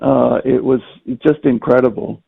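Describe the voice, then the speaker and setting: Man, casual phone guest, hesitant and repetitive; gravelly, husky, phone-thin sound. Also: mid-range voice, fairly even intonation, unhurried. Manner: hesitant, repeats words as he restarts. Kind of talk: casual conversation. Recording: tinny phone line.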